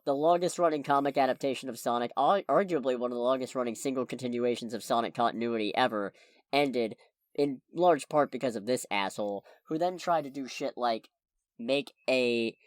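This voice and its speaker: A man's voice: mid-range voice, no echo, clean studio sound. A man hosting a casual podcast, recapping news in a sardonic, rambling way. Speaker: podcast host.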